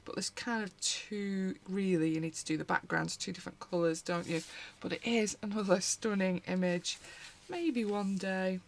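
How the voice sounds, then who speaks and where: A British woman hosts a casual haul vlog from her home, her pitch sitting in an ordinary middle range. She rambles chattily, doubling back on herself and tossing in little asides as she goes. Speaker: colouring channel host.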